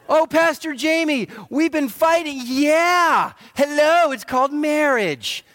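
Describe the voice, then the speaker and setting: Lively high-voiced male pastor preaching. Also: no echo. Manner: animated, joking preacher who acts out quotes. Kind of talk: sermon.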